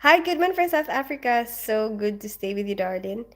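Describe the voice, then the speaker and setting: Chatty woman livestreamer, fairly high voice. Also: lively intonation, moderate pace. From Philippines. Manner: chatty, greets viewers by name, laughs often. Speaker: livestream host. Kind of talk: casual livestream chat reading comments.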